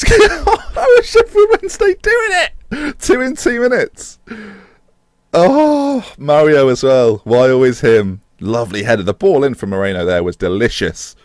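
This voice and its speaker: Young man, game commentary, lively swooping voice, dry close sound. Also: medium pitch, no room sound. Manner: excitable, shouts and laughs at the screen. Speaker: gaming YouTuber and streamer.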